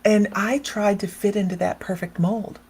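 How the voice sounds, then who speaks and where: A woman's voice: mid-range voice, fairly even intonation, normal speed, darkish tone, husky. A woman psychic medium hosting a casual livestream, chatting and rambling, laughing often and talking straight to viewers by name as she reads their comments.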